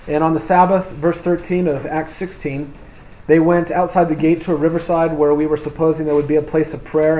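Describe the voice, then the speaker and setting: A man preaching a sermon, reading scripture aloud and explaining it, moving between loud emphatic reading and quiet, low asides. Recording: echoey room with faint hum.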